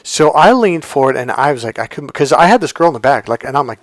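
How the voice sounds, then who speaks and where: A man's voice: mid-range voice, lively intonation, quick pace, no echo. A middle-aged man, a dating coach, telling a story to camera in a blunt way, swearing freely and acting out what people said. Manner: blunt, swears freely, acts out quoted lines.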